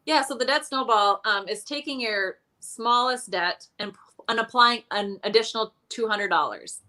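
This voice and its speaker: A woman's voice: a little high, moderate pace, pushed and bright. A woman guest in casual interview chat, telling her money story candidly with a self-deprecating streak and many fillers.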